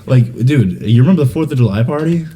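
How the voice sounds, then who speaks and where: A young man co-hosting a podcast in casual chat, telling rowdy stories and laughing, sometimes breaking into high silly voices. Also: animated, fast, mellow, a little hiss or hum. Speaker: podcast co-host.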